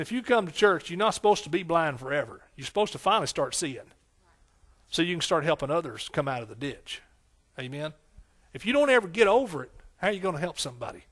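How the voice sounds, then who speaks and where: High-voiced preaching pastor. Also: male voice, sing-song, brisk, a bit bright. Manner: preaching with call-and-response questions to the congregation; repetitive, emphatic phrasing. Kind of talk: sermon.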